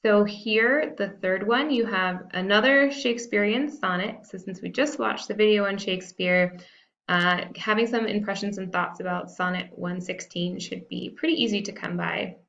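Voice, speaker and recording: A woman's voice: mid-range voice, normal speed, a bit bright, dull audio. A woman teacher talking students through a recorded lesson in a casual, self-deprecating way, with frequent fillers. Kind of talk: recorded classroom lesson walkthrough.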